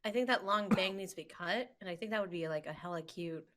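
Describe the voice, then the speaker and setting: A woman's voice: fairly low pitch, fast, a bit bright. A young woman co-hosting a casual manga chat, playful and giggly, sometimes mimicking characters. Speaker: podcast co-host.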